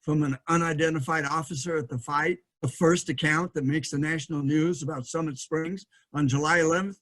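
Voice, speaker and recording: A man's voice: on the high side, fairly even intonation, a little fast, few pauses, fairly bright tone. A middle-aged man giving a history lecture from slides, thinking aloud with frequent fillers and restarts.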